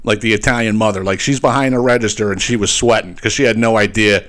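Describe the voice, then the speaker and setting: A man hosting a podcast, telling a story as a casual comic rant, swearing often and keeping his listeners in with quick asides. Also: fairly low pitch. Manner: profane, animated, keeps asking "right?". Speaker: podcast host.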